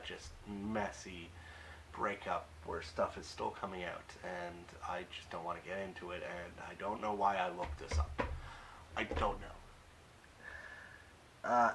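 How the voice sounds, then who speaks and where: Young man, lowish voice, faint hiss, hesitant recap, lots of fillers, wry asides. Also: pushed and bright, rough recording. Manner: rambling, hesitant, many fillers. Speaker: YouTube recap reviewer. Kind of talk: casual episode recap.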